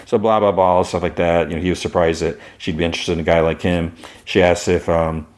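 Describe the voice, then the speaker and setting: A man's voice: deep voice, flat delivery, a little fast. A man hosting a podcast, casually retelling the scenes of an episode and quoting the characters along the way. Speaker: podcast host.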